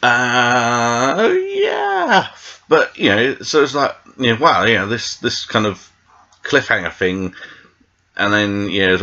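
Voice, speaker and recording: A man's voice: medium pitch, very animated, slow, pushed and bright, muffled recording. A British man reviewing a TV episode in a meandering, tangent-filled casual chat, full of fillers. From Britain. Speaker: TV show reviewer.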